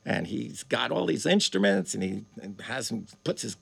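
Male storyteller with a husky, bright voice that chuckles a lot. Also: mid-range voice, normal speed. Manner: animated, chuckling often. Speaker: guest musician. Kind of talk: casual storytelling.

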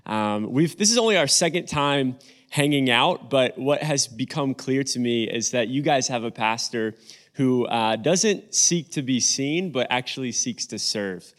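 A man's voice: medium pitch, lively intonation, unhurried, fairly bright tone. A young man preaching as a guest pastor, chatty and joking with the congregation before his sermon, speaking on a stage mic in a church. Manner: friendly joking banter with congregation. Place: church sanctuary.

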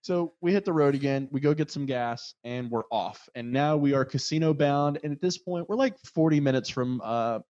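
A man co-hosting a casual chat, telling a road-trip story with lively acted-out quotes. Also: normal speed, few pauses. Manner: animated, acts out quotes in loud high voices. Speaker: podcast co-host. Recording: dull, dry lo-fi sound.

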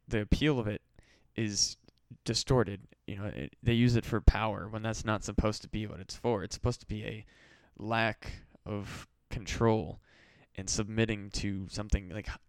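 A man's voice: fairly low pitch, steady tone, normal speed, clear, resonant tone, no echo. A man hosting a solo podcast, rambling and swearing with mock-desperate pleading. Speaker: podcast host. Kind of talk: casual solo podcast rant.

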